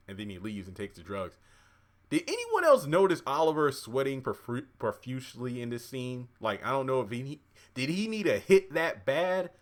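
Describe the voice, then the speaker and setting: A man casually recapping a TV episode, chatty and excitable, cheering and exclaiming at the scenes. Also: medium pitch. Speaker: TV episode reviewer.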